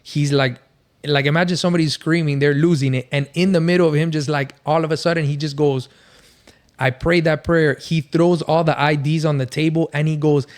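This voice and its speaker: Brisk and fairly high-pitched, a man with a steady tone tells his faith story as a guest on a podcast. The testimony comes out casual and meandering, packed with filler words.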